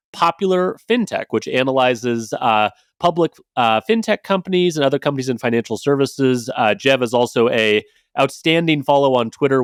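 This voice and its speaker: A man's voice: medium pitch, no room sound, clean studio sound. A man hosting a podcast, talking casually with frequent fillers and restarts as he introduces the episode and guests. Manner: conversational, many fillers and restarts. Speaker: podcast host.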